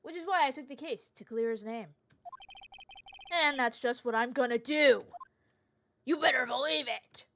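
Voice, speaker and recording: A woman voicing an earnest young male rookie lawyer, reading his game narration in a low, quiet, sincere voice. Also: moderate pace, long pauses, slight background noise. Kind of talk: reading game narration aloud while streaming.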